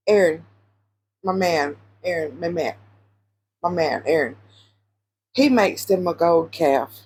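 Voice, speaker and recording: A woman casually retelling Bible stories, animated, repeating phrases for emphasis and quizzing her listeners. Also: lowish voice, a little slow, long pauses, a little hiss or hum. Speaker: Christian social media storyteller.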